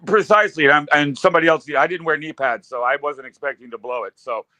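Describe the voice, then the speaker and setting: A man's voice: fairly high pitch, quick pace, bright, forceful tone, poor audio. A man in his fifties, a guest musician, telling rambling stories with loose fillers in casual talk. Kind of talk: casual storytelling.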